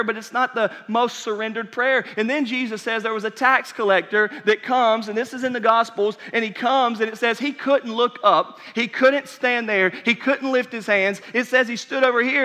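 A man preaching a sermon as pastor, passionate, swinging from near-shouts down to whispers. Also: extremely high pitch. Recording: reverberant hall.

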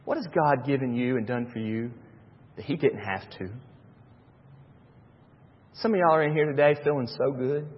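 A man preaching a sermon as pastor, swinging between hushed stretches and loud, excited ones. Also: medium pitch, moderate pace, long pauses, husky. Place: church sanctuary. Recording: dull reverberant church sound.

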